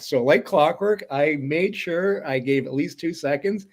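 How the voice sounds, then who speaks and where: A middle-aged man co-hosting a sports podcast, telling stories animatedly. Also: unhurried. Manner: animated storyteller, lively pitch swings. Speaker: co-host, former color commentator. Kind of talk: casual podcast chat.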